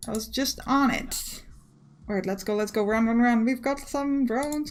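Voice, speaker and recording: A woman's voice: a little high, lively intonation, a little fast, fairly bright tone. A woman hosting a let's play, chatting casually and urging herself on with a self-mocking tone. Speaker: gaming video host.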